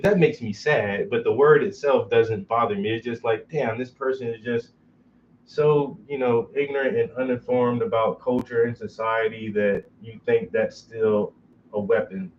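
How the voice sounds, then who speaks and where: A man's voice: medium pitch, slight background noise. Guy hosting casual talk, cusses a lot, laughs a bunch, kinda dull muffled sound. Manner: profane, blunt storytelling, laughs often. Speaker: host. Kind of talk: casual chat.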